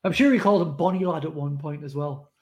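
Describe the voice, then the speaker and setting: A man's voice: on the high side, fast talker. Chatty north-east English man. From North East England. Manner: rambling, laughs while telling stories. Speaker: podcast co-host. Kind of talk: casual chat.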